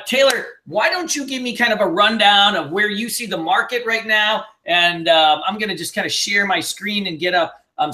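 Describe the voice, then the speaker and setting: A man hosting a casual live trading webinar from his home, talking in an energetic, loose, joking way with plenty of fillers. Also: high voice. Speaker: webinar host and trading mentor.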